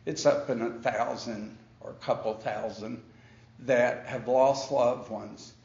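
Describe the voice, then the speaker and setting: A man preaching a sermon with slow, emphatic delivery and dramatic pauses, now and then acting out his opponents in a high, incredulous voice. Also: fairly even intonation, darkish tone, roomy sound, muffled recording. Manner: acts out the Pharisees in a high, incredulous voice. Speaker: pastor.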